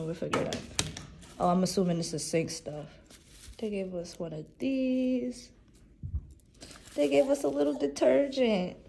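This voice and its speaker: Young woman vlogger, talky, a bit high, over background noise. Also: creaky, a little mellow. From New York. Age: 20s. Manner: chatty, addresses viewers as y'all. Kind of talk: casual vlog chat to viewers. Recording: noisy background.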